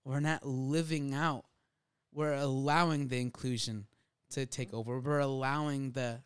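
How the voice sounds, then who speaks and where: A man co-hosting a casual faith podcast, animated and laughing, acting out little quoted voices as he talks. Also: mid-range voice, a little slow, smooth, no room sound, studio quality. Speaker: podcast co-host.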